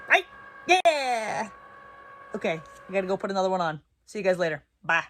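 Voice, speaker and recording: With a very animated, sharp, medium-pitched voice at a moderate pace, a young woman chats to the camera from her small woodworking shop. She owns a small business, keeps things upbeat and often laughs at herself.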